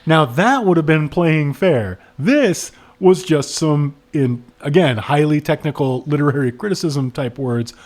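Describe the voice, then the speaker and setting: A man's voice: a little high, measured pace, hardly any pauses. A man co-hosting a casual book-review podcast, sarcastic and given to mocking the text. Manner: sarcastic, animated, reads passages aloud mockingly. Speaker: podcast co-host.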